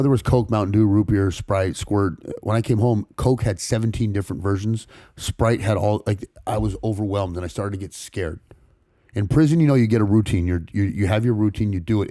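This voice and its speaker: A man from California's San Fernando Valley, a podcast guest telling a personal story in rapid, profane street talk full of restarts. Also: on the low side, dark tone, no echo, clean studio sound. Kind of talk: casual storytelling interview.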